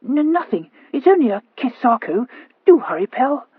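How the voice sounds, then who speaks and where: A woman voicing a flustered, impatient young Regency lady who stammers in high-strung urgency. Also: big pitch swings, normal speed, husky, no room sound, narrow, tinny audio, full character voice.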